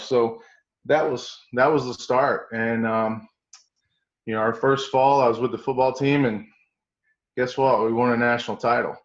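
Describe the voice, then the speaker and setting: A middle-aged man with an East Tennessee Southern accent recounts his coaching career in a folksy, animated way. His voice sits at an ordinary pitch. The recording is roomy and a bit dull. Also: moderate pace. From East Tennessee, USA. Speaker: strength coach guest. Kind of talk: storytelling interview.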